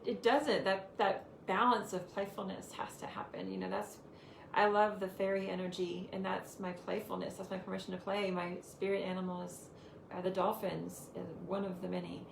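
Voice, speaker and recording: A woman with a gravelly, creaky voice gives casual spiritual teaching and leads affirmations. She speaks in an echoey room with clear background noise. Her talk is loose and full of "you know" fillers. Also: mid-range voice, little pitch movement, normal speed. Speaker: spiritual teacher hosting the episode.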